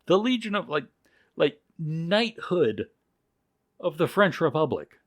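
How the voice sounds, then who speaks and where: A man's voice: a little high, very animated, slow pace, no room sound, clean studio sound, pitched above the performer's own voice, exaggerated voice. A man voicing a curious, eager male TV journalist who fires off incredulous questions. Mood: amazed.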